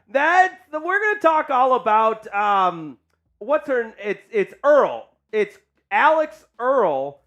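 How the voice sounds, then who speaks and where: A man hosting a casual live sports chat stream, hyped and joking as he shouts out viewers. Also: extremely high pitch. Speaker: sports show host.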